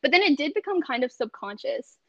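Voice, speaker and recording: A young woman speaks casually as a podcast guest, full of fillers and quick laughs. Her voice sits fairly high and the call audio is muffled and lo-fi. The sound is very dry, with no room echo. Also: very animated. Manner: chatty, many fillers, laughs often. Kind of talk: casual conversation on a video call. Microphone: video call.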